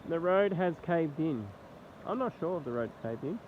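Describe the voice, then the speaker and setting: A man's voice: fairly high pitch, expressive. Man, Australian accent, nasal congested voice, rambling vlog talk, outdoors, faint background noise. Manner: rambling, halting commentary. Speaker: vlogger. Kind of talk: casual phone vlog. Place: outdoors beside a flooded road in rain. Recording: tinny, lo-fi phone audio with faint noise.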